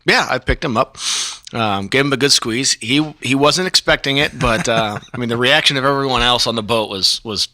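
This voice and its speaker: A man's voice: mid-range voice, normal speed, hardly any pauses, sharp tone, no echo. A man guest on a podcast, telling a story casually with many fillers and chuckles.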